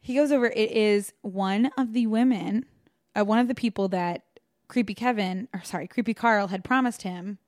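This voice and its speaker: A woman's voice: medium pitch, normal speed, a little mellow, no room sound, clean studio sound. A young woman casually recapping a film on a podcast, rambling with lots of fillers and laughing often. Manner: giggly, rambling, many fillers and quoted voices. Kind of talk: casual comedic recap chat.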